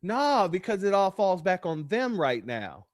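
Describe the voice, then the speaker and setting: A man hosts a reaction commentary, mocking and preaching to his audience. His voice is very high for a man. He swings between scornful asides and raised emphasis. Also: big pitch swings, measured pace. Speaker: host of a commentary show.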